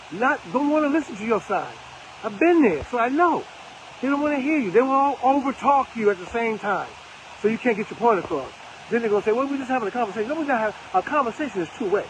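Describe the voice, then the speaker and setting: A man's voice: very high-pitched, animated, fast, slight background noise, rough recording. An older man hosting a live broadcast, talking in a preachy, emphatic way and repeating phrases for effect. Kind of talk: casual live-stream commentary.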